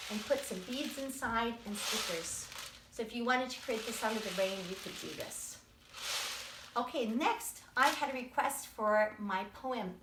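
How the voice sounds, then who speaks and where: A woman's voice: on the high side, a bit bright, slight background noise. Cheerful sing-song woman teacher. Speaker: children's music teacher. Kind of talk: live-streamed lesson with chants. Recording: roomy echo.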